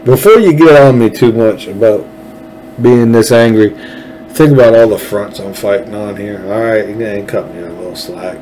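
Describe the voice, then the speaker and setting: A man's voice: fairly low pitch, normal speed, dark tone, slight background noise, low-quality recording. Angry man ranting on his podcast. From Texas. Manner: heated, blunt, swears freely. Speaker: podcast host. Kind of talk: angry political rant.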